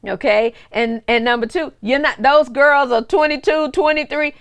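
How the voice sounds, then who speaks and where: A woman's voice: high-pitched, moderate pace. A woman in her forties, a minister giving a conversational teaching sermon, full of repetitions, restarts and playful asides to the cameraman. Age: 40s. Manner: repeats words and restarts often.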